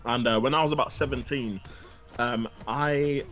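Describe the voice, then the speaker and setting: A man's voice: medium pitch, fairly even intonation, normal speed, a bit bright, soft background music. A young British man in casual chat on a call, stumbling over repeated words and filling his talk with "bro" and "man". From Britain.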